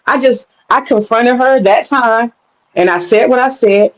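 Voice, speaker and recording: A woman's voice: a little high, unhurried. A woman calling into a live stream, arguing insistently and mockingly, repeating her points with crude slang. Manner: insistent, repeats phrases for emphasis. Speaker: guest caller on a live stream panel. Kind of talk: heated live stream argument. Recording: dull lo-fi stream audio.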